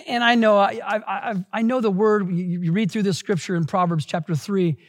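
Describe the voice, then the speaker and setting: A man from the United States preaching a sermon, emphatic, with dramatic slowdowns and repeated phrases. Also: high-pitched, fairly even intonation. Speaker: pastor.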